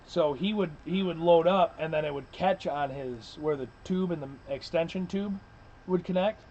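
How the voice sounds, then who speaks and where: A man's voice: fairly high pitch, normal speed, a little mellow. A man in casual chat telling a hunting story, acting out the people he quotes and laughing often. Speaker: podcast co-host. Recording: dull lo-fi recording with faint noise.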